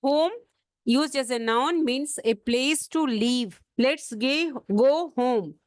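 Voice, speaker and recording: In a high-pitched voice captured in a dry recording, this teacher runs an English vocabulary lesson for exam prep. She spells each word out letter by letter and slows her delivery to highlight the stressed syllables.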